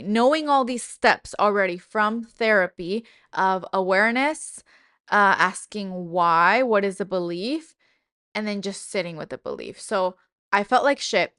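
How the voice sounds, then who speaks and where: A woman's voice: medium pitch, a bit bright, no echo, studio quality. Candid, swearing self-help podcast woman. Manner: candid, emotional, swears casually. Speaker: podcast host. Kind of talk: personal self-help monologue.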